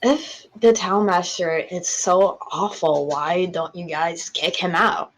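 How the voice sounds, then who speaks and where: Woman player asking questions, slow, lowish voice. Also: fairly even intonation, rough recording. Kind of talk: tabletop game play.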